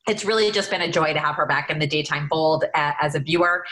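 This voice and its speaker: A woman's voice: low-pitched, fast talker, fairly bright tone, low-quality recording. A woman co-hosting a podcast, speaking as an enthusiastic, gushing fan of her guest. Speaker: podcast co-host. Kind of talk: podcast conversation.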